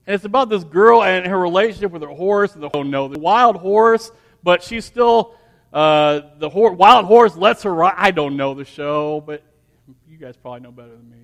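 A man with a high voice preaches from the front of a church, telling a homely story that stumbles over repeated ands and restarts. His delivery then builds into firm, emphatic sermon lines. The sound rings with a long reverb from a large hall. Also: expressive, normal speed, gravelly, a bit bright. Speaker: pastor.

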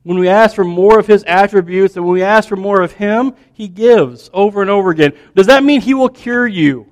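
A man preaching a sermon, building questions in a row and dropping to a soft hush. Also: high-pitched, fairly quick. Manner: animated storytelling preacher, dropping to soft hushed tones.

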